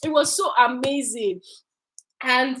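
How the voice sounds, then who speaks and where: A young woman, a candle maker, telling a story to her viewers in a casual, animated way, repeating phrases for emphasis. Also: high-pitched, slow, a little hiss or hum, rough recording. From Nigeria.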